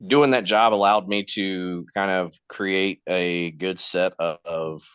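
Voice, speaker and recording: Here the deep-voiced man in his forties talks slowly and smoothly, his intonation fairly even and his tone a bit bright. As guest host on a relaxed podcast, he wanders through anecdotes, voices the people he quotes, and laughs often. Sound quality is dull and lo-fi, dry and close with no reverb.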